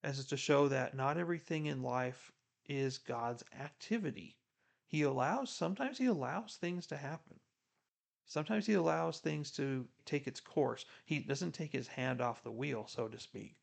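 A man's voice: medium pitch, moderate pace, vocal fry. A man giving earnest devotional commentary on a Bible reading, preacherly and encouraging. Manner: earnest, preacherly, drops to a hush for God's quoted words.

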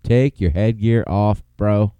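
A man's voice: lowish voice, takes it slowly, clean tone, no room sound, lo-fi sound. A man co-hosting a casual watch-along of a football game, swearing freely and laughing at his own jokes. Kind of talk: casual profane banter.

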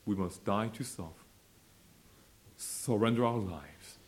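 A man preaching a sermon and leading a prayer, swinging between quiet asides and loud, fervent declarations. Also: on the low side, slow. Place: church fellowship meeting.

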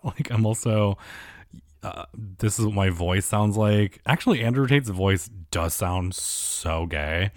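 A low-pitched man talks through a year in review in loose, sarcastic commentary. He rambles, swears freely and leans on fillers, and his voice sits dry and close with no room around it. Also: unhurried, dry recording.

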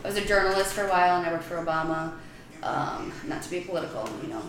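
A woman comedian chatting as a podcast guest, making crude jokes and quick asides. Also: lowish voice, lively intonation, heavy reverb, poor audio. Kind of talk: casual podcast banter.

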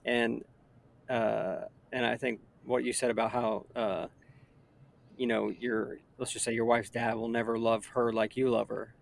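A man's voice: medium pitch, little pitch movement, measured pace, gravelly. A man in his thirties chatting earnestly in a casual conversation, rambling with frequent restarts.

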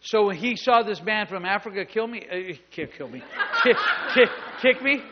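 A man with a notably high voice delivers a lively storytelling sermon as pastor, acting out both sides of conversations and teasing people in the pews. The sound is dull and lo-fi, like a modest church recording. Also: moderate pace, very noisy. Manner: animated, acts out dialogue, jokes with the congregation. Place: church service with live congregation.

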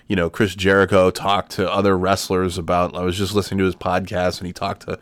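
A man's voice: sits low, monotone, brisk, no room sound. A middle-aged man hosting a podcast from home, ranting in an exasperated, profane way. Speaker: podcast host. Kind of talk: solo podcast rant. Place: home room.

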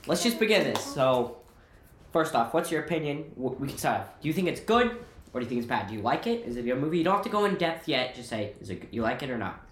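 A man's voice: medium pitch, sing-song, fast, a bit bright, slight background noise. A man with a slight cold co-hosting a casual podcast. He leads the talk and asks the others questions. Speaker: podcast co-host. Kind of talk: casual chat. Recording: echoey room.

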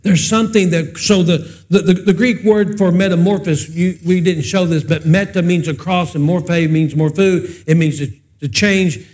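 A man's voice: sits high, steady tone, normal speed, hardly any pauses, darkish tone. A man preaching a sermon, telling humorous personal stories in a folksy, chatty way and asking the congregation questions. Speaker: pastor.

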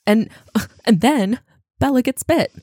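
A woman's voice: on the high side, expressive, measured pace, darkish tone, husky, no echo, studio quality. A young woman co-hosting a podcast, chatting casually and reacting playfully. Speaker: podcast co-host. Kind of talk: casual chat.

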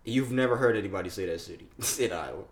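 A young man co-hosting a casual podcast, reacting to news stories loudly, swearing and laughing often. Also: deep voice, quick pace. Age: young adult. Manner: loud, profane, laughs often. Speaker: podcast co-host.

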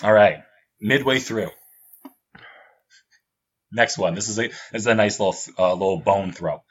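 A male host running a comedy game in casual podcast banter, excitable, laughing loudly and swearing freely. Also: on the low side, normal speed, breathy edge.

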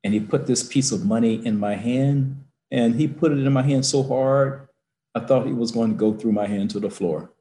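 A man's voice: medium pitch, moderate pace, mellow, roomy sound. A university president, a man, telling a personal story in an interview from his office, building to emphatic peaks.

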